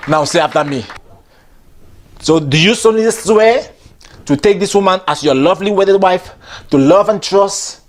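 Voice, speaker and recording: A man playing a calm pastor who leads the wedding vows in a soothing, measured way. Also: high voice, close to an everyday voice.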